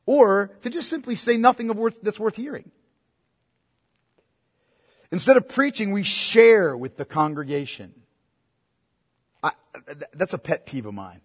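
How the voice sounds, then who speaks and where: A man's voice: high-pitched, expressive, a little slow, pauses often, breathy edge. A male pastor preaching a sermon, emphatic and full of rhetorical questions put to the congregation. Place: church sanctuary. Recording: long reverb in a large hall.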